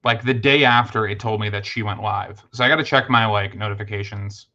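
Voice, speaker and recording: Man, casual livestream host, chatty, bright voice, lo-fi recording. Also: on the low side, fairly even intonation, a little fast. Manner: chatty, thanks viewers, many fillers and restarts.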